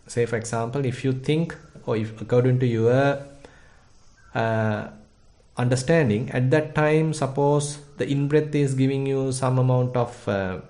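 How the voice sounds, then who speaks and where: A Buddhist monk from Sri Lanka with a Sri Lankan accent, giving meditation instruction in a measured, thoughtful way with frequent pauses and fillers. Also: male voice, medium pitch, dark tone. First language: Sinhala.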